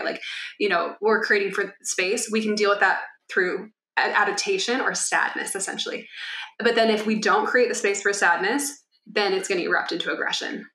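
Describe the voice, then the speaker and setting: Bright-voiced woman podcast co-host. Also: medium pitch, moderate pace, reverberant. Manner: animated, acts out children's voices. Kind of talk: casual explanatory chat.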